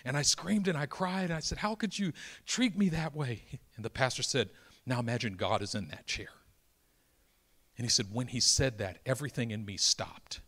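Dramatic bright-voiced male preacher. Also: medium pitch, animated, normal speed. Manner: dramatic, swings from loud exclamations to hushed near-whispers. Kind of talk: sermon storytelling.

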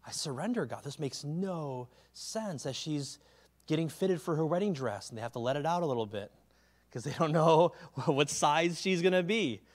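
A male pastor delivering a sermon with a voice that sits a little high for a man. He talks casually, often asking the crowd "right?", and sinks to a near hush to stress his key words. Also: animated, moderate pace. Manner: drops to a quiet, hushed delivery on key words.

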